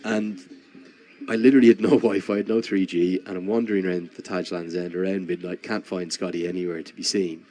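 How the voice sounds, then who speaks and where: A man's voice: deep voice, flat delivery, fairly quick, warm tone. A man commentating live on a cricket match while telling a long, rambling anecdote, with frequent restarts.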